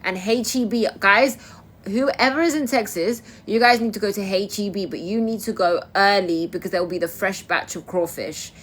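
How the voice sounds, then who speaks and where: A woman's voice: mid-range voice, moderate pace. A young woman from Kosovo chatting casually on a livestream, answering her viewers' comments as they come in. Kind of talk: casual live-stream chat.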